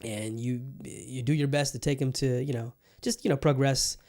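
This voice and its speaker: A man's voice: medium pitch, steady tone, moderate pace, creaky, darkish tone. A man hosting his own podcast alone, chatting casually and rambling with lots of restarts and the odd swear word. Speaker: podcast host. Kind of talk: casual solo podcast chat.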